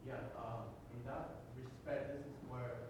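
A man's voice: mid-range voice, steady tone, unhurried, a little mellow. A man in a Bible class who cites scripture in a hesitant way. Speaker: class member. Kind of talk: classroom discussion. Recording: roomy, distant, noisy room.

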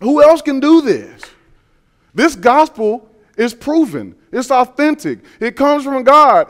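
A man's voice: very high voice, very animated, slow pace. A man preaching a sermon to his congregation, talking emphatically, repeating his phrases and asking rhetorical questions.

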